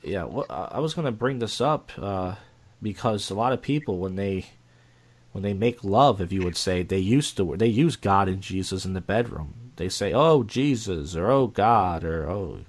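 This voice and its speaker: A young man co-hosting a podcast in casual chat, rambling and halting with many restarts and fillers. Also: sits low, lively intonation. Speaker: podcast co-host.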